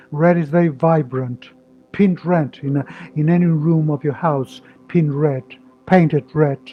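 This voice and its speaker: Higher-voiced male meditation guide, slow and calming, dull lo-fi sound with music underneath. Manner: slow, soothing, gently instructive. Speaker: meditation teacher. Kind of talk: live-streamed guided meditation. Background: soft meditation music.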